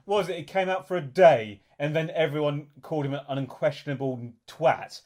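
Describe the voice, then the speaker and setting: Wry, sweary man, a bit high. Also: a little fast, a little mellow. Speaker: podcast co-host. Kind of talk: casual banter.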